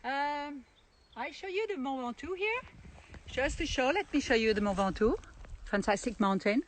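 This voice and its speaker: A woman with a French accent giving a casual video tour of her vineyard, speaking haltingly with many fillers and restarts. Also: sits high, animated, slight background noise. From France. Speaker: winemaker. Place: outdoors at a vineyard.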